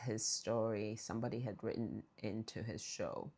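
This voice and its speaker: A woman's voice: rumbling low, moderate pace, darkish tone, slightly rough. A woman telling a story to her viewers in a chatty way, speaking right to them. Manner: chatty, addresses viewers directly. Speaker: vlog storyteller. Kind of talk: casual storytelling to camera.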